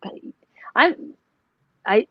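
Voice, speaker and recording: Halting woman psychic, lo-fi audio. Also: dry recording. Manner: halting, many restarts, questioning. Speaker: psychic, remote viewer. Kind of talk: live paranormal talk show. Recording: dull dry lo-fi audio.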